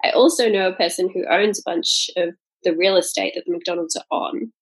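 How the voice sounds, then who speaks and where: A woman's voice: medium pitch, fairly quick, husky. A woman co-hosting a casual podcast chat, talking freely with many fillers and frequent laughs. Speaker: podcast co-host.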